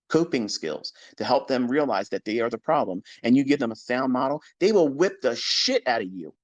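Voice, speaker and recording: In a live audio room, a trading mentor addresses his followers bluntly and with profanity, his voice sinking low and soft before climbing back loud and high.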